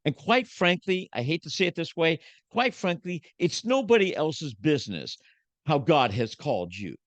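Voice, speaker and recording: A guest preacher in his seventies speaks in a podcast conversation with emphatic, preachy passion, swinging from loud to soft. His fairly high voice is sing-song at normal speed, with no room sound.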